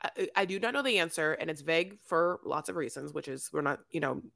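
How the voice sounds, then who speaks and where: Woman, podcast co-host, casual chat, emphatic and rambling, crisp bright tone. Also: fairly quick, dry recording, studio quality. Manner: emphatic, rambling, with sudden high-pitched outbursts. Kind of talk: casual reality TV recap chat.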